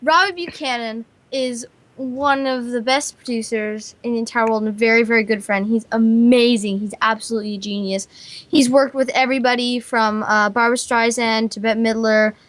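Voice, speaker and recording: A bubbly woman with a high voice hosts a casual internet radio chat. She gushes with excitement. The sound is close and dry. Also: moderate pace, no echo. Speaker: host and singer.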